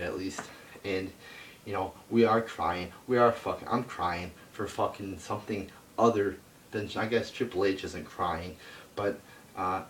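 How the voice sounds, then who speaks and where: A man's voice: low voice, slight background noise. A man ranting about a wrestling show in a casual, profane, exasperated way. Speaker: wrestling reviewer. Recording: echoey room, voice a bit far from the mic.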